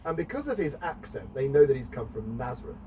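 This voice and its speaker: A man's voice: medium pitch, big pitch swings, quick pace. A middle-aged man, preaching a conversational sermon in a church and chatting with the congregation. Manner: chatty, asks the congregation questions. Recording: distant mic, faint background noise.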